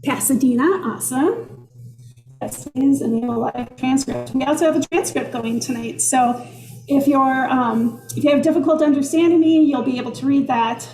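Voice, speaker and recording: A woman's voice: high-pitched, normal speed, mellow, echoey room, faint music behind. A woman with a Minnesota accent teaching a live online cooking class from her kitchen, chatty and upbeat as she greets viewers. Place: kitchen workspace.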